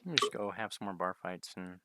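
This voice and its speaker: A man playing a tabletop game, joking crudely and often trailing off quietly. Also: low voice, brisk. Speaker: player. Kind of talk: casual tabletop chat.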